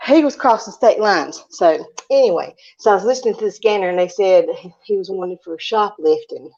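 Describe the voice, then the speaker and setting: A woman telling a story on a casual live call-in stream. She is animated, laughs often and acts out what she said. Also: mid-range voice, brisk. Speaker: panelist. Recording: muffled stream audio.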